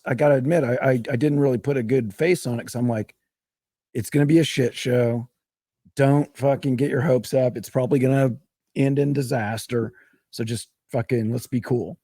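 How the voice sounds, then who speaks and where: A man's voice: medium pitch, dark tone, slightly rough, no echo, studio quality. A man telling a long, rambling, profane story in a casual podcast chat. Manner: rambling, profane, laughs through his own story.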